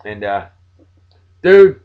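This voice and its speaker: A tired man in his forties, hosting a video blog, giving friendly, joking shout-outs to friends and jumping between loud bursts and low mumbles. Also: very animated, very slow, clean tone, phone-quality sound. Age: 40s.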